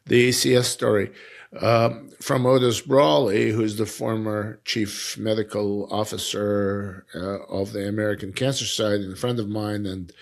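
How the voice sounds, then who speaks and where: A man's voice: lowish voice, steady tone, vocal fry. Rambling man with a Russian accent. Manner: rambling, halting, many fillers and restarts. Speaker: editor and podcast host. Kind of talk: casual conversation.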